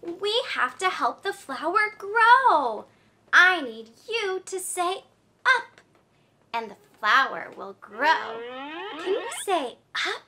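A woman's voice: very high voice, big pitch swings, takes it slowly, sharp tone, slight background noise. A woman teaching toddlers, talking right to the child in a sing-song, exaggerated and encouraging way. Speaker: children's educator.

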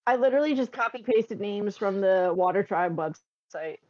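A woman's voice: mid-range voice, animated, moderate pace, dry recording, lo-fi sound. A woman playing a tabletop role-playing game, chatting casually and describing what her character does. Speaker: player.

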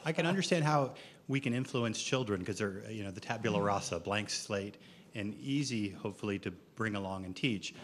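A man from the audience steps up to ask a question at a public forum, friendly and measured in his delivery. His voice is on the low side. A faint room hum sits behind him. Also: a bit bright. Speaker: audience member asking a question.

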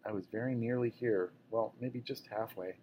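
A man reading aloud as an injured, tired mother who speaks softly to her daughter. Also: fairly low pitch, moderate pace, a little hiss or hum, close to an everyday voice, rough recording. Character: injured, tired but brave mother, gentle. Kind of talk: audiobook reading.

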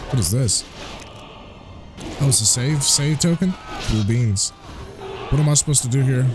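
A man hosting a let's play, commentating excitedly and trash-talking the enemies. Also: mid-range voice, moderate pace, pauses often. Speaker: gaming channel host. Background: game music.

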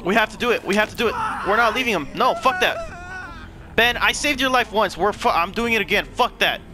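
A man reacting to a story game with loud, profane, emotional outbursts as he plays. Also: high-pitched, lively intonation, fairly quick. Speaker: gaming channel host. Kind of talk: let's play reaction commentary.

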